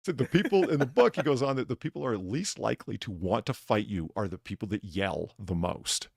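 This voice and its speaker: A man's voice: on the low side, fairly quick, creaky, slightly rough, dry recording, clean studio sound. A man hosting a casual chat, telling stories with lots of laughter and acting out bits of dialogue, swearing casually. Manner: animated storyteller, laughs often, acts out lines. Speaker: podcast host, bartender persona.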